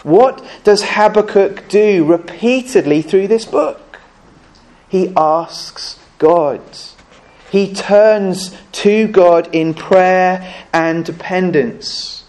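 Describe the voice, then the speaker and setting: High-voiced preacher. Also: male voice, drawn-out words, darkish tone. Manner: conversational, earnest, asks the congregation questions. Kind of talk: sermon. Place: church.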